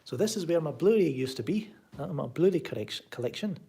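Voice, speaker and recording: A Glaswegian Scot answers his chat on a live stream from home, reading messages aloud in a rambling, casual, sardonic manner. His voice is fairly high yet dark and husky, with lively intonation and a fairly quick delivery.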